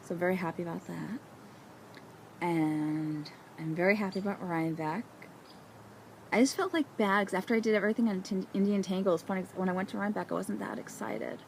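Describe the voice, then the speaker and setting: A woman hosting a knitting vlog outdoors, chatting casually in a bubbly, excitable way. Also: lowish voice, fast, creaky, a little hiss or hum. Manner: bubbly and excitable, with frequent laughs. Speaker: knitting vlogger. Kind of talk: casual chat.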